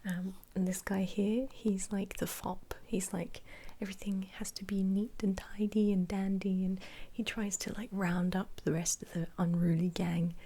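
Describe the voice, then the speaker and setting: A young woman, an ASMR creator, whispering casually about her favourite films, giggling often and pausing on ums. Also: mid-range voice, level tone, dark tone, breathy edge. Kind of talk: whispered ASMR film chat.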